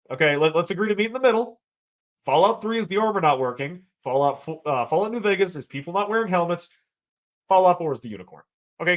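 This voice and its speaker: A man's voice: on the high side, rough recording. Rambling, profane young male streamer. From United States. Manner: rambling, profane, bantering with chat. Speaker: streamer host. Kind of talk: casual livestream talk.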